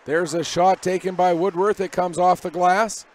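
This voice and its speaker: High-voiced man calling hockey play-by-play. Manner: rapid, energetic calls that rise on big plays. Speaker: play-by-play commentator. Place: arena broadcast position above the ice.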